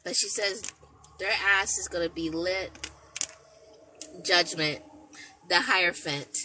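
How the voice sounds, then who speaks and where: A woman's voice: lowish voice, sharp tone, a little hiss or hum, poor audio. A woman doing a live tarot reading outdoors at a beach. She meanders as she passes on messages from a spirit, quoting them one after another. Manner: relays spirit messages as quotes, meandering and slow. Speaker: intuitive tarot reader.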